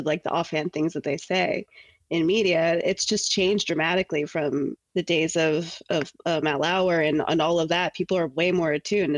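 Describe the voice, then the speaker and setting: Husky-voiced woman in dry sound. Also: sits low, no room sound. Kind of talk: casual podcast chat.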